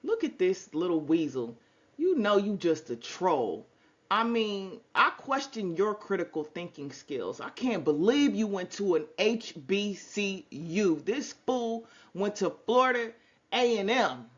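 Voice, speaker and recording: A woman's voice: mid-range voice, big pitch swings, a little slow, breathy edge, dry recording, muffled recording. Slangy, mocking woman with dry close sound. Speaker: commentary show host. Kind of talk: casual commentary on news clips.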